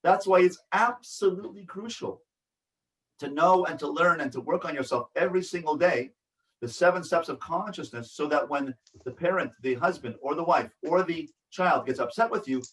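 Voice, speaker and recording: A man's voice: a little high, normal speed, fairly bright tone, distant mic, low-quality recording. A man, a rabbi, teaching a workshop in an earnest, repetitive way and acting out examples. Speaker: rabbi and family educator. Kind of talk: workshop lecture.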